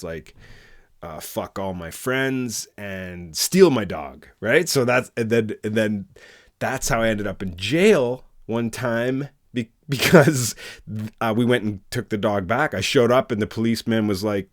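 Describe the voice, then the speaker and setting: A man hosting a candid, unscripted podcast chat, telling frank stories about his past with laughs and swearing. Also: fairly low pitch. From Canada. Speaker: podcast host.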